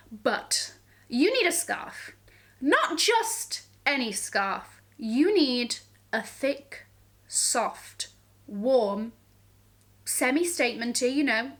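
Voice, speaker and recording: High, bright, sassy woman. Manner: sassy and gushing, heavy slang, keeps checking in with "okay?". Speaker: fashion vlogger. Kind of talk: casual to-camera fashion chat.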